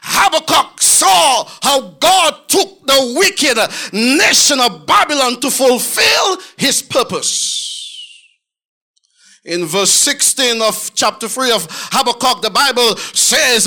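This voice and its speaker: A man preaching a fervent sermon as pastor, in a sing-song, shouting style with frequent fillers and repeated words. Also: extremely high pitch, sing-song, slow, creaky.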